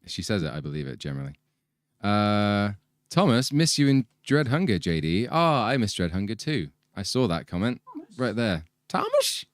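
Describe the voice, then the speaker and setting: A man's voice: on the low side, sing-song, normal speed, no room sound, studio quality. A young man in a band, casually chatting and hosting a livestream with his bandmates. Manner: chatty, laughs often, says he is sleepy. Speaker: band member hosting the stream.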